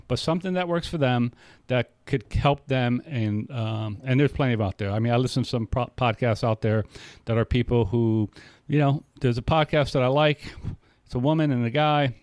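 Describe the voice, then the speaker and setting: This sobriety podcast co-host talks fairly quickly in a mid-range, slightly mellow voice with lively intonation. He chats casually and at length, frequently starting over and retelling exchanges in the voices of others. There's no echo.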